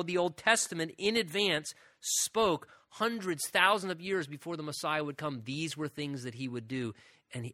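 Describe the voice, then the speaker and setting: A man's voice: high voice, pushed and bright, dry recording, studio quality. A man preaching a sermon, teaching through Bible verses and reading them aloud with emphasis.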